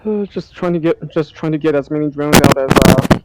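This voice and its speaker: A man's voice: on the high side, a little fast, heavy background noise. A man playing a game, chatting offhandedly over voice chat. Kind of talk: casual chat.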